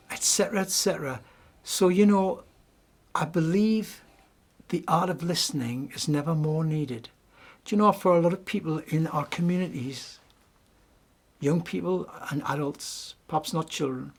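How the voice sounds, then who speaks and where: Gentle middle-aged Geordie man. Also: a little high. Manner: gentle and reflective, with frequent restarts and fillers. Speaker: speaker giving a weekly message. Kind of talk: devotional talk.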